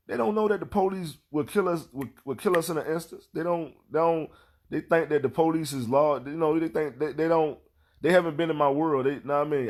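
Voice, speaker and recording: Profane guy in his 30s, aave, ranting a story about his kids, repeats himself, acts out quotes, voice kinda high for a man. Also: darkish tone. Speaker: father telling stories. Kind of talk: casual storytelling rant.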